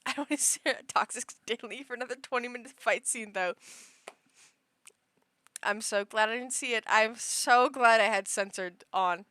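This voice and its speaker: Chatty young woman with a bright voice. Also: on the high side, normal speed, no echo. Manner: rambling, chatty, many fillers and restarts. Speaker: livestreamer. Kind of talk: casual chat.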